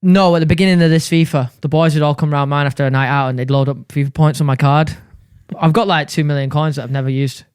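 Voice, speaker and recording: A man who is a guest on a podcast, talking in casual chat, quick and joking, laughing often. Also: a little high, steady tone, darkish tone, clear, resonant tone, no room sound, studio quality.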